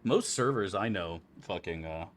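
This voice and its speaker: A man's voice: deep voice, animated, moderate pace, crowd noise. A man streaming a video game, chatting casually in a rambling, joking, profane way into a desk microphone. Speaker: gaming streamer. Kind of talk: casual gameplay chat.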